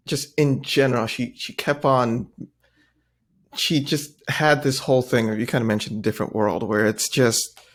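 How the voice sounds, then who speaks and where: A man co-hosting a podcast in casual chat, animated and laughing, slipping into mocking impressions. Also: medium pitch, a little slow. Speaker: podcast co-host.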